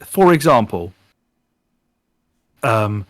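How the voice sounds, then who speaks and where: A man co-hosting a podcast in casual chat, animated and swearing freely while retelling things. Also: on the low side, drawn-out words, dry recording. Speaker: podcast co-host. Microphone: podcast microphone.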